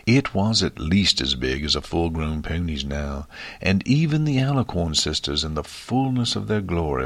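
A man narrating a fantasy story in a steady, expressive reading. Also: very deep voice, no echo. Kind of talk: audiobook fiction reading.

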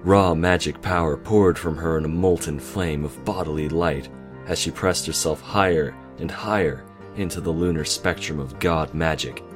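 Man, extremely low voice, story reading, casual self-corrections, faint music underneath. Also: normal speed. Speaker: reader. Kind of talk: fan fiction reading.

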